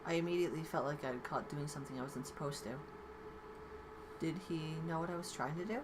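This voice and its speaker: A woman's voice: low-pitched, a little fast, background noise. A woman hosting a let's play, reading a visual novel aloud with playful commentary and small stumbles. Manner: playful, reads with occasional stumbles.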